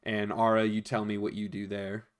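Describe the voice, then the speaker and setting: A man's voice: on the low side, completely flat delivery, moderate pace. A man narrating a tabletop game as game master, rambling and chatty, with many fillers.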